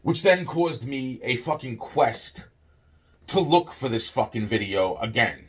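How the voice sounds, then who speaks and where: A man's voice: mid-range voice, measured pace, breathy edge. A man telling a personal story in casual speech, stammering and swearing often as he acts out the back-and-forth. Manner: stammering, profane, animated.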